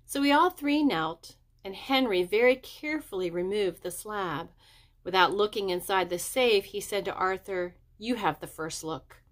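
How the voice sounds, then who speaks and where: A woman reading a children's chapter book aloud, raising her pitch for the children's dialogue. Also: normal speed. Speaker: audiobook reader. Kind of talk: storybook narration.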